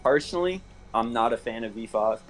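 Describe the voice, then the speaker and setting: A man being interviewed about his match, talking in a relaxed, slangy way. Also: mid-range voice, fairly quick, faint music behind. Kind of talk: casual chat.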